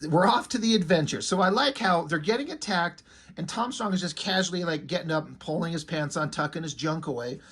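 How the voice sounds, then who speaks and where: Excitable man reviewing comics. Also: fairly high pitch, fairly quick, few pauses, slightly rough. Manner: excited, swears, many fillers.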